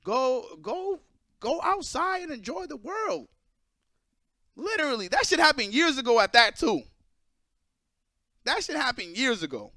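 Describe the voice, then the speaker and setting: A young man with a very high, bright voice rants to his viewers in a blunt, profane, animated way. The sound is dry and close, with no room echo. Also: unhurried, long pauses. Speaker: esports player and streamer. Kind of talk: casual ranting monologue to viewers.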